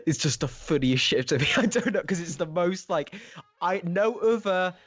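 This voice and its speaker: A man's voice: sits high, animated, normal speed, a bit bright, dry recording. Laughing man rambling about a film. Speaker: podcast co-host. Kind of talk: casual film discussion. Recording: dry, slightly dull podcast audio.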